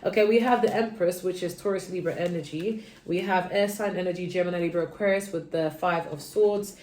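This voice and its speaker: A woman giving a casual tarot reading, chatty and sleepy, drifting between low murmurs and sudden bursts of energy. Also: a little fast, a little mellow, echoey room. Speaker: tarot reader.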